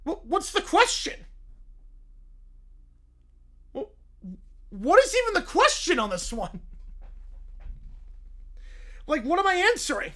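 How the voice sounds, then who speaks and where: A pouty little cartoon boy whines and complains in a high, strained voice, as a man puts him on. Every line comes out as a sulky protest. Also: huge pitch swings, slow, pauses often, fairly bright tone, heavily acted. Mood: whiny. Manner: whining, pouty. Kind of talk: reading a fan script aloud with voices.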